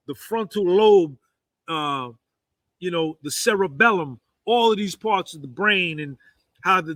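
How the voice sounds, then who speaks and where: A man's voice: high voice, a bit bright, no echo. A man in his fifties with a New Jersey accent, delivering a boastful, rambling monologue full of "man" and "you understand". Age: 50s.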